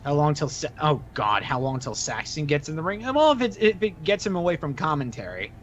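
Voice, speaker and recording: A man co-hosts a casual wrestling podcast in a slightly high voice over a faint background hiss. He is excitable and swears casually as he talks. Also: a little fast, muffled recording. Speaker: podcast co-host.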